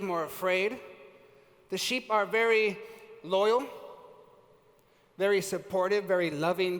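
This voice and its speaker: A man giving an energetic live seminar on sales and leadership, quizzing the audience and using casual slang. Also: high voice. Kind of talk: live motivational seminar talk. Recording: reverberant hall.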